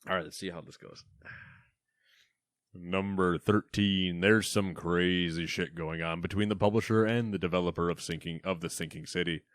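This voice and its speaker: A man's voice: sits low, steady tone, a little fast, hardly any pauses, no echo, studio quality. A man co-hosting a casual gaming podcast, reading news items with a playful, teasing manner and a mock anchor tone. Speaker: podcast co-host.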